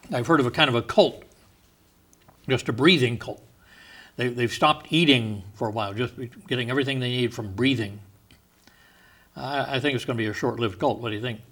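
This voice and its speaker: Guy pastor preaching in church, chatty, slows way down on scripture, chuckles now and then, mid-pitch voice. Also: a bit bright. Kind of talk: sermon.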